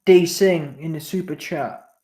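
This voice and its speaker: A boxing commentary channel host runs a casual live stream, reading viewer messages aloud in slangy, repetitive, laid-back banter. His voice is mellow, a little high, and a little slow. The room gives the recording an echo.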